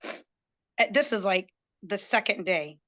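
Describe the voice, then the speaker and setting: Bright, chatty woman telling her story. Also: medium pitch, slow pace, muffled recording. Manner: chatty, excitable, acts out quoted dialogue. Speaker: guest. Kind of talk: animated personal storytelling.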